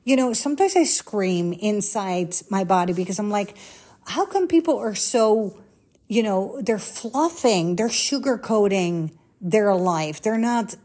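A woman talks to the camera in a loose, confessional way and keeps jumping from one personal story to the next. She speaks at a mid pitch, sounds candid and chatty, and acts out the people she quotes as she goes. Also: lively intonation, a little slow, a little mellow. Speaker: social media coach. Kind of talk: confessional casual chat.

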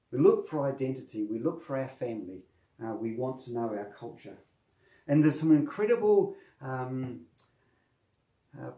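A man preaching a sermon, rising to stress key phrases and dropping quietly at the ends of lines. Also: mid-range voice, reverberant, poor audio.

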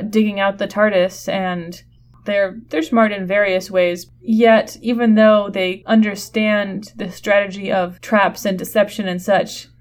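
Woman reasoning aloud on a podcast. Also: medium pitch. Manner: reasons through points, with "like" and restarts. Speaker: podcast co-host. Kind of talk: casual analytical chat.

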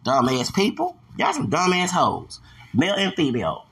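A man's voice: a little high, wildly swooping pitch, normal speed, creaky, a bit bright, husky. A man hosting a podcast, delivering a heated, profane monologue and hammering phrases over and over like chants. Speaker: podcast host.

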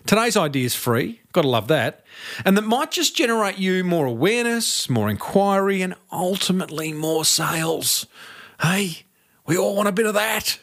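A man's voice: high-pitched, big pitch swings, moderate pace, a bit bright. A middle-aged man hosting a podcast, giving marketing tips in an upbeat, direct way and calling listeners team. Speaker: podcast host. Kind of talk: solo marketing tips segment.

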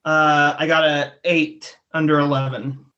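A man's voice: on the high side, little pitch movement, a little slow, pushed and bright, highs cut off. A man playing a tabletop game, giggly and playful. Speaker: player.

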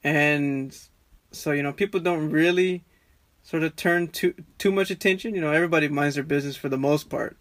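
Young texan guy chatting loosely, kinda high voice, super dry mic. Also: brisk, no echo. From Texas, USA. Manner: relaxed, rambling with frequent restarts. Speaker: podcast guest, barber. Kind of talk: casual conversation.

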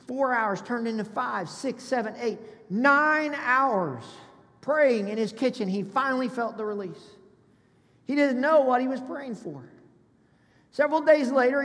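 A man preaching a sermon as pastor, conversational and calling on the congregation to respond. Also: very high-pitched. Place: church sanctuary. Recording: long reverb of a large hall.

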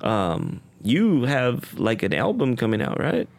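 A man's voice: medium pitch, huge pitch swings, measured pace, vocal fry. A man hosting a casual interview, curious and chatty, asking his guest many questions. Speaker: interview host.

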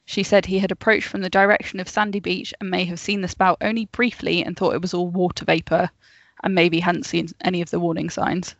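Woman podcast co-host, lowish voice, storytelling from notes with asides, dry muffled home recording. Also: flat delivery, a little fast, fairly bright tone, no echo. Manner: reads from notes, laughs often, chatty asides. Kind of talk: casual storytelling chat.

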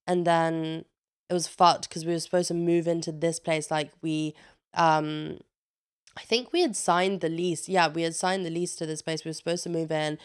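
A woman's voice: low voice, normal speed, clean tone. A woman in her twenties tells a candid personal story in a chatty vlog, swearing freely and acting out what people said. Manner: chatty and swearing, with animated re-enacted quotes. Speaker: vlogger.

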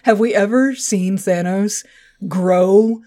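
A woman's voice: medium pitch, slow, warm tone. A woman co-hosting a podcast, recapping a comic book in a crude, sarcastic, playful way. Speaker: podcast co-host.

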